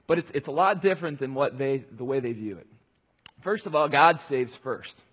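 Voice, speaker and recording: A man's voice: medium pitch, expressive, moderate pace, fairly bright tone, breathy edge. A man preaching a conversational sermon, talking casually and rambling, with many fillers and restarts. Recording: long hall reverb.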